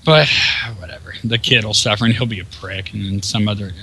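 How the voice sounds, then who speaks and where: A man's voice: on the low side, fairly quick, a bit bright, husky, poor audio. A man giving casual gameplay commentary, ranting in a profane, exasperated way.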